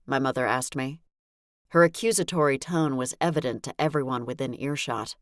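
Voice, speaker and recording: A woman reads a first-person audiobook with a wry, exasperated edge, her voice sitting very low. The recording is close and dry, with no room echo at all. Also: normal speed. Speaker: audiobook narrator. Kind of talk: first-person scripted narration.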